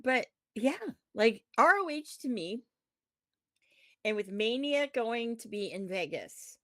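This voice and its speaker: A woman with a fairly high voice rants in casual wrestling-podcast chat, swearing freely and getting worked up. The sound is dry and close, with no room echo. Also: slow pace. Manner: profane, ranting, animated. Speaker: podcast co-host.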